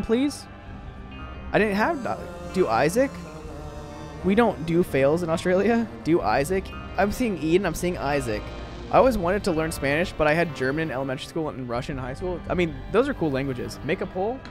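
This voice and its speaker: A young man streaming a game, chatting casually with viewers and rambling with lots of fillers. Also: a little high. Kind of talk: casual live-stream chat.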